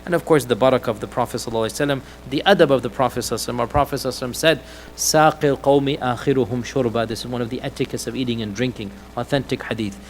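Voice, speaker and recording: Man, preacher, mid-pitched voice, animated storytelling lecture, faint hum behind. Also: rapid-fire, hardly any pauses, low-quality recording. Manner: animated storytelling, acting out quoted lines. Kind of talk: Islamic lecture retelling a hadith. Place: mosque hall.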